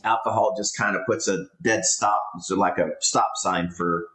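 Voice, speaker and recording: A man co-hosting a podcast, talking in a relaxed, halting way with many fillers. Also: fairly low pitch. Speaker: podcast co-host. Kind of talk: casual chat. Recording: roomy echo.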